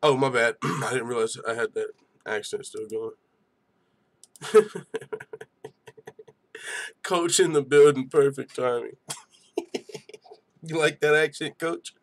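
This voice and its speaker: A man's voice: medium pitch, slow pace, pauses often. A young man hosting a live fight-night stream, giving hyped, slangy reaction commentary and chatting with viewers.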